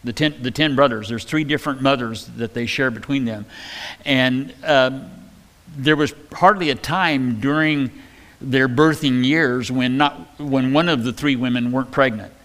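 A man teaching from the Bible as a pastor, in a relaxed, conversational way with joking asides. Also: medium pitch, a little slow.

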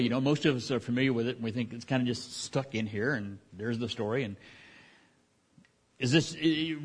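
A man teaching from the Bible in a casual, folksy way, with many restarts and fillers, speaking in a church. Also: medium pitch. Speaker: pastor.

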